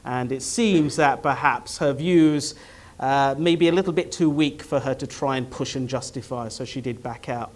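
Wry man chairing a debate, slightly high. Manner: wry, teasing, hesitant with many fillers. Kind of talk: comic introduction at a live debate.

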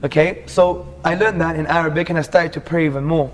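An earnest man from England shares his life story in a relaxed sit-down conversation. His voice sits a little high for a man and he talks with lively, heartfelt energy, slipping into casual "bro"s as he goes. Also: a little fast. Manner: animated, earnest, calls the listener "bro".

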